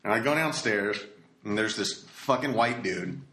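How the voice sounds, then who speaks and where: A man hosting a casual podcast, with a rather low voice and a bright, forceful delivery. He rambles through profane stories, stopping and restarting his sentences. The room sounds echoey, with faint noise underneath. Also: lively intonation, normal speed. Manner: rambling, profane storytelling with stop-start restarts. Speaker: podcast host. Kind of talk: casual chat.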